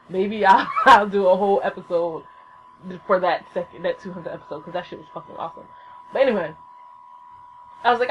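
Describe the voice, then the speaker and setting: A woman hosting a solo podcast, ranting casually with lots of swearing and bursts of squealing excitement, recorded at home on a laptop. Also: medium pitch, dull audio, slight background noise. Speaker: podcast host. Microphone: laptop mic.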